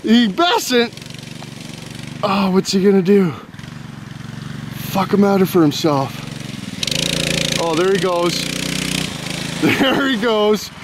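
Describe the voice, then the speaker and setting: A man filming his friends outdoors, giving profane, excited play-by-play and laughing and hollering often. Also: high-pitched, takes it slowly, long pauses. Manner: swears constantly, laughs, hollers. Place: outdoors in a yard. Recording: outdoor camera audio with engine noise. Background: small engine revving.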